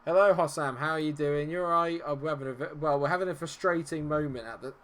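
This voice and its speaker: A man's voice: a little high, quick pace, a bit bright. A man giving live commentary on a football management game, frustrated and sarcastic, swearing often. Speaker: gaming streamer.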